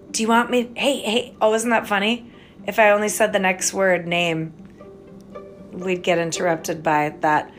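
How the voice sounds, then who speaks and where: An American woman with a medium-pitched, fairly bright voice hosts a podcast, rambling through a casual monologue. She spells words out, swears, and trails off mid-thought.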